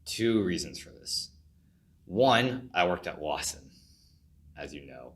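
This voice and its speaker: Deep-voiced young california guy, punchy tone, dramatic storyteller on a podcast. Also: slow. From California, USA. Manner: animated storyteller, jokey and dramatic. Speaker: podcast guest. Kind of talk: casual podcast chat.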